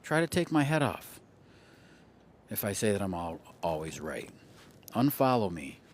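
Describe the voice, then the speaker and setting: A playful man chatting on a live stream, his pitch jumping around as he teases the viewers. He often repeats words in a sing-song way to make a point. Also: big pitch swings, measured pace, slight background noise. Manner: playful, jokey, teasing viewers. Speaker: astrology livestream host. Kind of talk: casual livestream chat.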